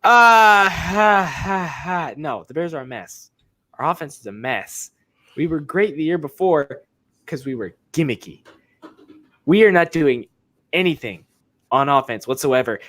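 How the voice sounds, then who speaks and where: A man co-hosting a fantasy football podcast, talking emphatically and swinging between low muttering and loud pushes. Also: lively intonation, measured pace. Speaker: podcast co-host. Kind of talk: casual sports chat.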